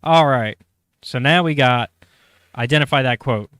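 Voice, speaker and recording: A man's voice: mid-range voice, unhurried, a bit bright, smooth, no echo, clean studio sound. A man hosting a casual podcast, running a trivia quiz and reading quotes aloud, chatty and correcting himself as he goes. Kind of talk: casual chat.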